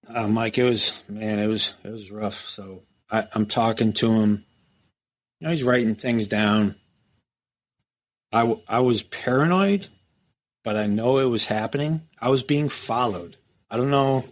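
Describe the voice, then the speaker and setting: A middle-aged man from the United States, a former prison captain, telling a story as a podcast guest in a casual, profane, animated way. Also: lowish voice, measured pace. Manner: profane, animated storytelling, acts out quoted dialogue.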